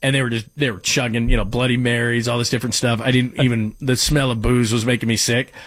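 A man's voice: mid-range voice, little pitch movement, fast talker, fairly bright tone, no echo. A man hosting a sports talk radio show, talking casually and rambling through listener texts and stories. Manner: rambling, conversational, self-deprecating.

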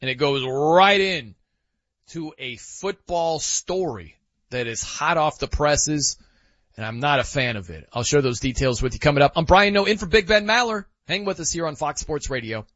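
A man's voice: fairly high pitch, moderate pace, a bit bright, dry recording. A man hosting a sports talk radio show, talking casually with loose restarts. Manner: casual, conversational, trailing restarts. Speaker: radio host. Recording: lo-fi radio broadcast.

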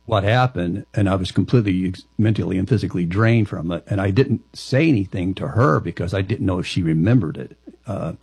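A lower-pitched man speaks as an interview guest, telling a personal story in a halting way that keeps circling back on itself. His voice is husky. The recording is dry and close. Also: darkish tone, no echo, soft background music. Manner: halting, with frequent restarts.

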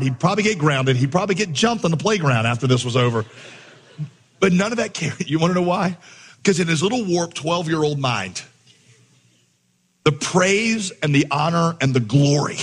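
A man delivers a sermon in a slightly high, husky voice, spinning a lively story and acting out each character. His voice rings through a large hall with a long reverb tail. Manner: animated storyteller, acts out voices with big pitch jumps. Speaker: pastor.

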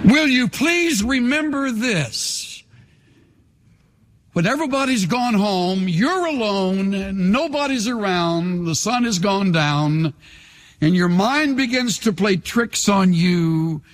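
Slow-paced and animated, an older pastor with a high voice delivers a sermon in a big church, drawing call-and-response from the congregation through repetitive, emphatic lines. The recording carries a long, hall-like reverb.

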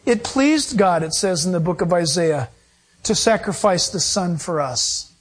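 Animated high-pitched male preacher. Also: a little slow, breathy edge. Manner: animated, acts out quoted voices, emphatic preaching. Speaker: pastor. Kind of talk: sermon.

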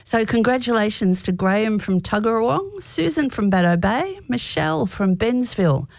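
An Australian woman presenting live radio, losing her voice, reading names in a steady, measured way. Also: a little high, dry recording, studio quality.

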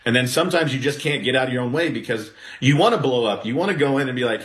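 A man, a former pitcher, talking baseball in a blunt, animated way that rises into exasperated outbursts. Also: fast, hardly any pauses. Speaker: former pitcher, podcast guest. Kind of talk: casual sports talk. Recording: roomy echo.

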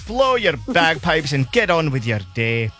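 A man hosting a radio quiz, bubbly and teasing, talking fast in a studio. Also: on the high side, very animated, bright, forceful tone, faint music behind. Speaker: radio host.

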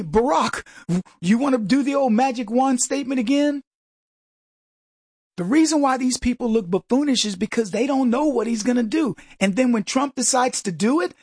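Guy running his talk radio show, husky voice, dry close sound, mocking and animated. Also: extremely high pitch, no echo. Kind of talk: conservative talk radio monologue.

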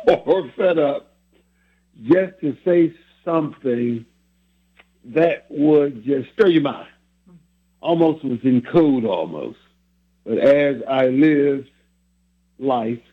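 A man hosting a casual chat, reflecting on family sayings and chuckling between thoughts. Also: mid-range voice. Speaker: host. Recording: phone-like line.

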